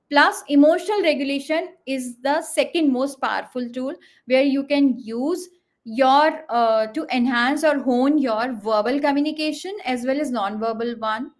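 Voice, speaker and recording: A woman with a high voice is a guest on a leadership panel. She explains communication techniques, using frequent fillers and spoken examples.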